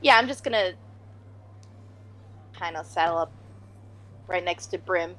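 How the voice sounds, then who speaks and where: A woman's voice: lowish voice, measured pace, fairly bright tone, slight background noise. A woman playing a tabletop game, speaking hesitantly. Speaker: player. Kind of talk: tabletop role-play.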